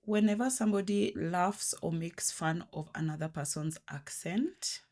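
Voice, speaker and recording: A young woman, co-hosting a casual podcast chat, chatty and quick to agree with remarks. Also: fairly low pitch, darkish tone, a little hiss or hum. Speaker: podcast co-host.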